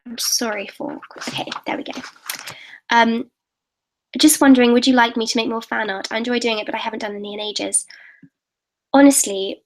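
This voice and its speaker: A late-teen English girl hosts a live Q&A on her YouTube channel, chatting eagerly and casually with viewers. Her voice is on the high side with fairly even intonation at normal speed, and she often restarts sentences on a rough recording.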